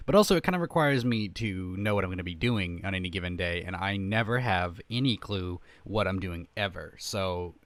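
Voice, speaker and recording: A man's voice: fairly low pitch, dry recording. A man giving casual gameplay commentary, rambling and self-deprecating, often trailing off mid-sentence. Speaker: gaming video creator.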